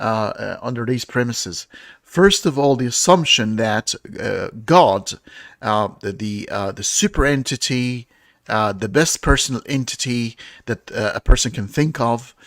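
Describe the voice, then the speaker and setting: A man in a casual podcast discussion, explaining an argument in a halting way with many fillers and restarts. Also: medium pitch, a bit bright, dry recording, clean studio sound.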